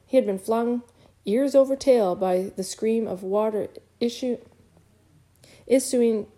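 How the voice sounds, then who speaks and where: Mellow-voiced woman narrating an audiobook. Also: a little high. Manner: lively and expressive, with occasional stumbles.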